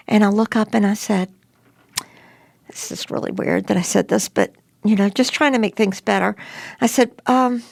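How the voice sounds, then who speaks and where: An older woman recounting a frightening day from her past in a conversational, animated way, her voice climbing high when she relives yelling at intruders. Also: a little slow, creaky, long pauses, dry recording. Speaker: interviewee telling her story. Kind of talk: conversational storytelling.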